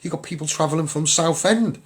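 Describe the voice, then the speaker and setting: A man's voice: a little high, brisk. A man with a Liverpool accent talking casually to viewers on a livestream, upbeat and rambling, repeating himself with lots of ums. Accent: Liverpool (Scouse). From England.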